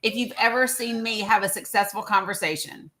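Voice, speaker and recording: A woman's voice: mid-range voice, fairly even intonation, brisk, bright, forceful tone. A woman hosting a live social audio stream, talking casually to her listeners and greeting them by name. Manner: chatty, addresses viewers by name, many fillers. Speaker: livestream host.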